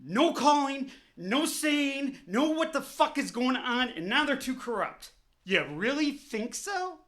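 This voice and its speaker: A man's voice: extremely high pitch, lively intonation, unhurried, fairly bright tone. A man delivering an angry, profanity-laced political rant on his vlog, heated and repetitive, openly furious. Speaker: vlogger.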